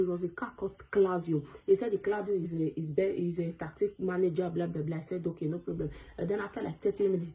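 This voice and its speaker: Woman rushing thru a storytime vlog, low gravelly voice, acts out what everyone said. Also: warm tone, rough recording. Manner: fast, breathless retelling, acting out quoted exchanges. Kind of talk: storytime vlog, recounting an experience.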